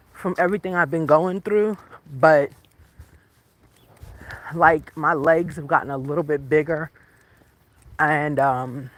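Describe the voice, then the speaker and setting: A woman vlogging casually while walking outdoors, chatty and quick to laugh, talking to her dog along the way. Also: deep voice. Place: outdoors on a residential street.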